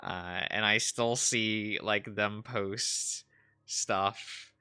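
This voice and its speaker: A man's voice: fairly low pitch, steady tone, very slow, bright, forceful tone, clean tone. A man chatting casually on a stream while drawing, giggling often and rambling as he searches for words. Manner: giggly, laughs often between phrases.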